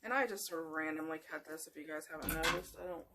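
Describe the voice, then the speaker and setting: Chatty low-voiced woman crafting. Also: fast, very noisy. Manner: chatty and meandering, talking to viewers while working. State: yawning, sleepy. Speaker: craft tutorial host. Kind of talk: casual crafting tutorial.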